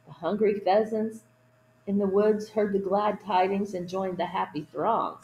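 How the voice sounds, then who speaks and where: A woman reading a children's picture book aloud at storytime, adding gentle asides to young listeners. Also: mid-range voice, fairly even intonation, measured pace, reverberant, slight background noise, rough recording. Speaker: storytime reader.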